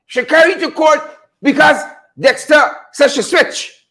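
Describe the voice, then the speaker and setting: A man's voice: very high voice, unhurried, a bit bright. A man hosting a casual political commentary show, teasing, laughing often and repeating his phrases. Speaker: host.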